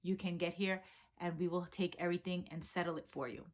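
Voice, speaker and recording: Insistent brother reading out a letter, as a woman puts him on: firm, commanding, softish. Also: lowish voice, steady tone, fairly quick, voice pushed down, lightly acted. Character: man, an insistent older brother writing a letter.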